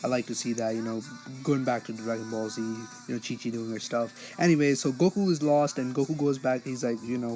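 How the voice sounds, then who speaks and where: A man's voice: mid-range voice, steady tone, fairly quick, hardly any pauses, darkish tone, soft background music, low-quality recording. A man giving a casual spoken episode review, rambling along with many fillers and restarts.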